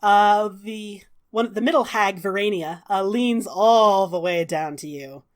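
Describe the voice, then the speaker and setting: A woman game master narrates a tabletop game with lively energy. She fills her pauses with casual fillers as she describes the action. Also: mid-range voice. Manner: animated narration with frequent fillers.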